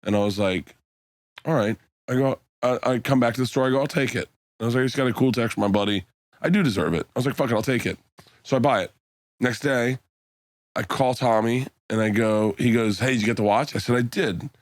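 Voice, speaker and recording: A man's voice: medium pitch, brisk, no echo, clean studio sound. A middle-aged man, a comedian guest on a podcast, telling a rambling, profane story and acting out the other people in it. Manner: rambling anecdote, acts out quoted dialogue, swears freely.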